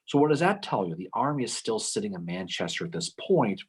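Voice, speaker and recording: A man co-hosting a casual history podcast, telling the story with lively acted-out quotes and frequent "okay?" asides. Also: fairly low pitch, fairly quick, breathy edge. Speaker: podcast co-host.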